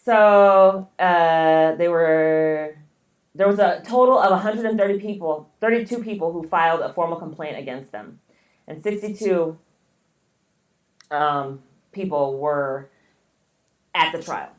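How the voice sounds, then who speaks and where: A woman's voice: lowish voice, measured pace, pauses often, roomy sound. A woman co-hosting a podcast, casually retelling a story with lots of fillers and swearing. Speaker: podcast co-host. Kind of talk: casual chat.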